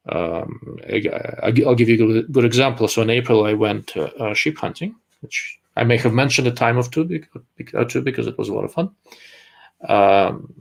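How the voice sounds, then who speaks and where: A man's voice: medium pitch, creaky. A man in a casual livestream talk, explaining things in a hesitant way with frequent restarts.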